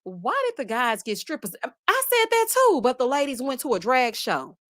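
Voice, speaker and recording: A sassy Southern woman chatting live with her viewers, her fairly high voice swooping up and down as she reads their comments. She talks to the audience as honey and child and breaks into loud laughs. The sound is dry and close to the mic. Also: normal speed, dry recording. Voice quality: lively, sassy, laughs loudly. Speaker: host. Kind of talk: casual live-stream chat reading comments.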